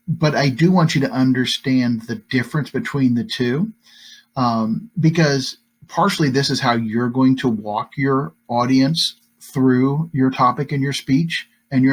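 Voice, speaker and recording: A male teacher gives a relaxed, chatty lecture to his students. His voice is husky and sits at an ordinary pitch. He often checks in with a quick tag question. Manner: conversational, many fillers and tag questions. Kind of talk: recorded classroom lecture.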